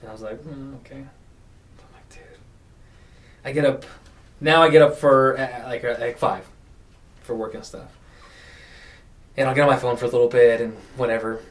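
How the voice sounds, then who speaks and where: A young man hosting a podcast in casual chat, rambling with lots of fillers and acting out quotes. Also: medium pitch. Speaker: podcast host. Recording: voice distant from the mic.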